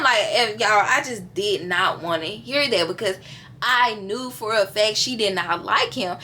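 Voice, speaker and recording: Bright-voiced young woman telling a story. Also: mid-range voice, moderate pace, slight background noise. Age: early 20s. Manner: lively, chatty, addresses viewers directly. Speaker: vlogger. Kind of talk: casual storytime.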